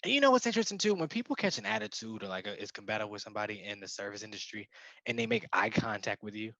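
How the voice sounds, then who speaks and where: Man, podcast co-host, casual chat, bright forceful tone, dry close sound. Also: on the low side, very fast, dry recording. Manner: animated storytelling, laughs often.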